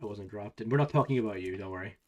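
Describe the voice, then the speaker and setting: A man's voice: fairly low pitch, racing. Sarcastic man streaming, laughing with chat. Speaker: livestreamer. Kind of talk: casual stream chat with viewers.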